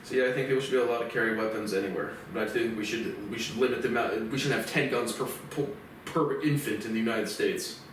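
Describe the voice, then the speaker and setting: A man's voice: lowish voice, fast, a little hiss or hum. A man giving a profane, rambling and indignant solo commentary. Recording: very echoey room, mic far off.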